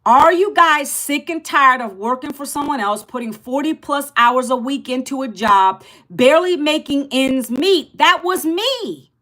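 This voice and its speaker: A woman in her fifties hosting a casual livestream, loud and passionate, rambling and emphatic as she repeats herself. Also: high-pitched, animated, a little slow, few pauses. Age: 50s. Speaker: livestream host.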